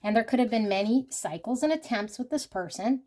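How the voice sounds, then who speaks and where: A woman's voice: fairly high pitch, animated, brisk, a little mellow. A woman giving a casual pick-a-card tarot reading, rambling and full of filler words, sometimes laughing and swearing. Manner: rambling, with lots of "like" and "you know". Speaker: tarot reader.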